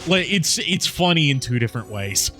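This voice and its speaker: Chatty male streamer host, bright forceful tone, faint music underneath. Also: on the high side, sing-song, moderate pace. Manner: chatty, rambling, laughs often. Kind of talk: casual chat while streaming a game.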